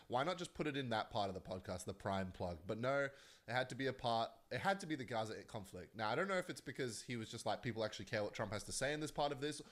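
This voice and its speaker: A man hosts a casual commentary vlog in a middle-pitched voice. He rambles in an animated, chatty way and breaks into laughs as he goes. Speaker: commentary vlogger. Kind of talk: casual online drama commentary.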